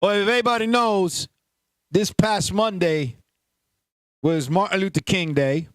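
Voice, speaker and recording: A man, hosting a casual show, loud and animated with lots of profanity. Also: high voice, a little slow, no room sound. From Puerto Rico heritage, New York. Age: 50s. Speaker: podcast host. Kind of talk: casual banter.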